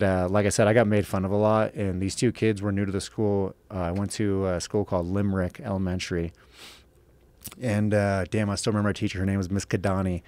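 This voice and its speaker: Here the same kind of speaker, a man from Los Angeles guesting on a podcast, sounds lowish and a little mellow with no room sound. He spins casual stories full of swearing, rambling along with frequent "right?" checks.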